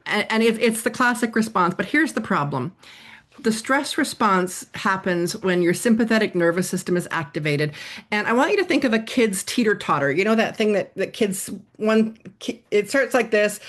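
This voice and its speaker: A woman psychotherapist explaining ideas in a podcast interview, animated, acting out examples as she goes. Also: mid-range voice. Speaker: psychotherapist guest.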